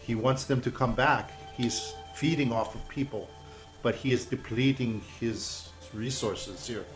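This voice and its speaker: A man runs a tabletop game and tells the scene in a loose, rambling flow, full of fillers. His voice sits at an ordinary middle pitch, with soft music faint behind him. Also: measured pace, rough recording. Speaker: game master.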